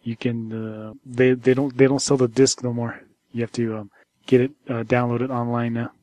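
A man co-hosting a casual tech podcast, rambling and halting with many restarts as he chats about the news. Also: mid-range voice, little pitch movement, warm tone, no room sound. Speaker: podcast co-host.

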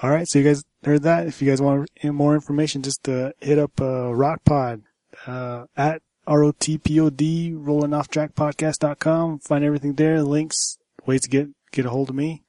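A man's voice: fairly high pitch, steady tone, moderate pace, mellow, no room sound. A man hosting a podcast, wrapping up the episode in a laid-back, repetitive way. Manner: laid-back, repeats "cool, cool". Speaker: podcast host. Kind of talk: casual podcast wrap-up.

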